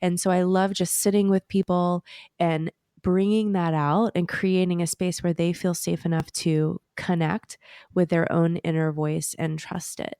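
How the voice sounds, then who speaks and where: A woman's voice: lowish voice, level tone, unhurried, clean tone, no room sound. Effusive woman coach, dry close sound. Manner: effusive, warm and earnest. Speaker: podcast guest, inner voice coach. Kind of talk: casual interview chat.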